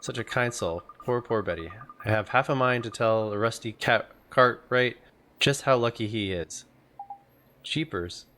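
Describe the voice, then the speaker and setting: A man's voice: mid-range voice, measured pace, fairly bright tone, slight background noise, lightly acted. A man reading as a gossipy old neighbor woman. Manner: gossiping, fussy and sympathetic. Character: gossipy elderly woman neighbor, fussing and chatty. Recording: game music playing behind.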